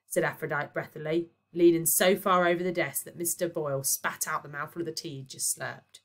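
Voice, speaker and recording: A woman, a primary teacher, reading a children's novel aloud with expressive storytelling. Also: sits low, fairly quick, hardly any pauses.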